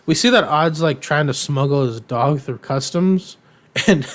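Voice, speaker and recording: A man co-hosting a casual podcast, walking through a cartoon episode in a loose, rambling style. He fills pauses with frequent ums and throws in irreverent, offhand jokes, dropping into character voices now and then. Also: a little high. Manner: rambling, filler-heavy, irreverent; acts out characters' lines in quotes. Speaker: podcast co-host.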